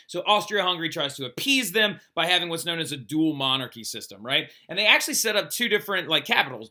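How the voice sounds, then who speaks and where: This is a male history teacher giving a recorded lecture, his voice very bright and a bit high. He talks loosely and conversationally and keeps tossing in a "right?" to check that the class is following.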